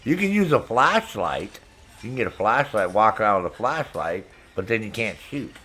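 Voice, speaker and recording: A man's voice: fairly low pitch, big pitch swings, moderate pace, bright, forceful tone. A middle-aged man streaming a game, chatting with viewers in a brash, profane way and laughing often. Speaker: gaming streamer. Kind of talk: casual chat with stream viewers.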